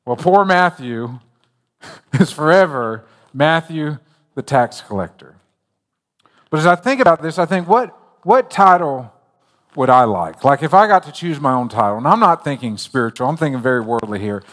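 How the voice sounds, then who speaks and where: Joking pastor preaching in a reverberant hall. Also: male voice, a little high, expressive, normal speed, a bit bright. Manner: conversational, joking storyteller. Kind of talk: sermon.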